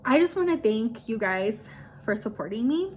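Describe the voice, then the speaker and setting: A woman's voice: on the high side, very animated, moderate pace, a little hiss or hum. A woman talking casually and emotionally in a personal vlog, with lots of "like" fillers. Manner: chatty, emotional, heavy use of "like". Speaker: vlogger.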